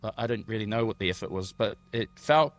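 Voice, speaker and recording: A man's voice: on the low side, fast talker. A man co-hosting a podcast in casual chat, telling stories with a joking, self-deprecating manner. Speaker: podcast co-host.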